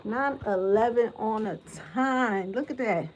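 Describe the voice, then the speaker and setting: A woman hosting a livestream reaction commentary, animated and exclamatory, talking straight to her viewers from a phone or tablet. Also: fairly high pitch, measured pace, slight background noise, rough recording. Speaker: commentary host.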